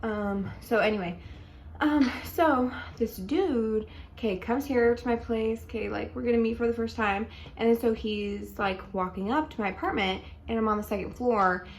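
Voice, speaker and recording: A young woman casually telling a dating story at home in a chatty, animated way, full of likes and ums. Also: a little high, moderate pace, a little hiss or hum. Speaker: vlogger.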